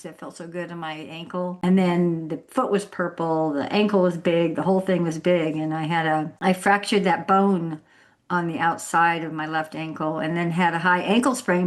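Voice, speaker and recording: A woman hosting a podcast, telling a story in a casual, laughing way. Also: fairly low pitch. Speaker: podcast host.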